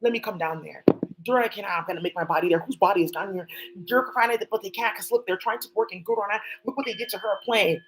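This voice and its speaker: Talking alone on a livestream, this woman swears freely and leaps between subjects in a rambling way. She speaks fast at a medium pitch, over a rough recording with a faint hiss or hum.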